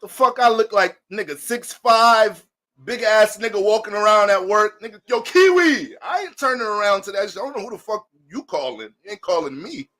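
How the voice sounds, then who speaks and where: A man's voice: high voice, fairly quick, pushed and bright. A man giving a casual astrology talk that drifts into joking, profane storytelling, speaking loosely to his viewers as family. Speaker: astrology reader.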